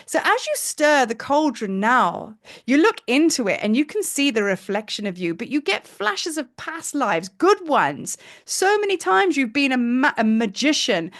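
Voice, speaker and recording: A woman's voice: sits high, sing-song, measured pace, hardly any pauses, fairly bright tone. A woman teacher narrating a guided meditation in a soothing, dreamy, lightly rambling way.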